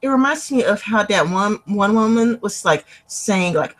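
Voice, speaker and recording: A woman's voice: mid-range voice, animated, moderate pace, hardly any pauses, low-quality recording. A woman in casual conversation on a video call, rambling and leaning on fillers like "like" and "um". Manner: rambling, filler-heavy with frequent likes. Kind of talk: casual online chat.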